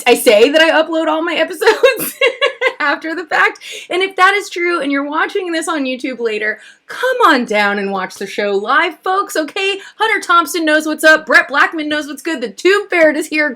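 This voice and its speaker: Giggly high-voiced woman hosting a stream. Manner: giggly, excitable and rambling. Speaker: host. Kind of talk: livestreamed talk show chat.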